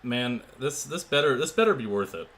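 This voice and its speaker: A young man livestreaming a racing game from his room, chatting and joking with his viewers in quick asides. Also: medium pitch, animated, a bit bright. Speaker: gaming streamer. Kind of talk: live stream chat and play-by-play. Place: home room. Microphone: desk mic with webcam.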